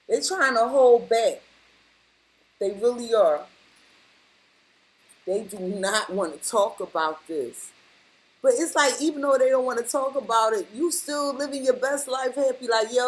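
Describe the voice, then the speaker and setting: A woman's voice: sits high, unhurried, long pauses, poor audio. Emphatic woman giving a tarot reading. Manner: emphatic, repeats lines for stress, blunt slang. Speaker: tarot reader. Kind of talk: casual tarot reading to the viewer.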